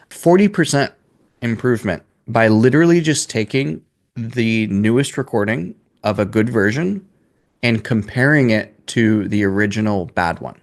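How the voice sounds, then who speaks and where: A man in his twenties coaching a sales class in a casual, blunt way, swearing freely. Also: on the low side. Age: 20s.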